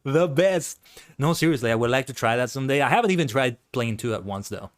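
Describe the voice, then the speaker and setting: A man's voice: medium pitch, animated, fast talker. A man streaming a game, chatting casually, playful and punning and laughing often. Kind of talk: casual gaming commentary.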